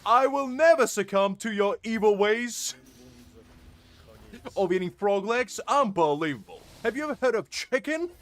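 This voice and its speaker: A man putting on a patriotic British bloke with a put-on British accent, loud, indignant and boastful. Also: high-pitched, lively intonation, normal speed, pitched above the performer's own voice. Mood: blustering.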